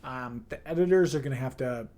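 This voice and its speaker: A man's voice: mid-range voice, brisk, warm tone. A man giving a casual review of his team, loose and chatty, with many "um"s and playful slang. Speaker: draft league team manager.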